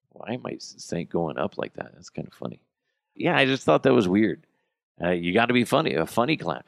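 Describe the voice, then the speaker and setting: A man hosting a podcast in casual chat, ranting bluntly with plenty of profanity and swinging between loud outbursts and muttered asides. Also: fairly low pitch, big pitch swings, a little fast, vocal fry, no echo. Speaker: podcast host.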